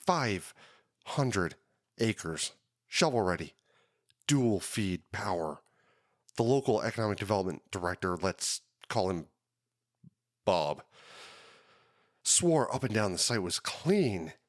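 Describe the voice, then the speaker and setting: A man hosting a podcast, telling his own story in a dramatic, drawn-out hardboiled detective style. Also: fairly low pitch, sing-song, no echo, clean studio sound. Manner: dramatic, drawn-out noir delivery. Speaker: podcast host.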